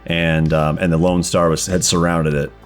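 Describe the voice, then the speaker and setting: A man with a very low voice running a tabletop role-playing session for friends. He narrates casually, swearing freely and padding with "uh" and "like". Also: level tone, moderate pace, soft background music. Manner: casual, profane, filler-heavy. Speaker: game master. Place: home podcast recording.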